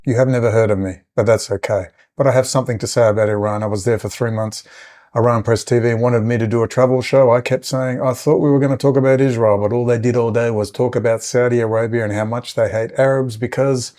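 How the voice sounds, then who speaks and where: A man's voice: mid-range voice, darkish tone. A middle-aged man, delivering a profane, heated, sarcastic political rant. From Australia. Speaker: political commentator. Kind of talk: ranting monologue.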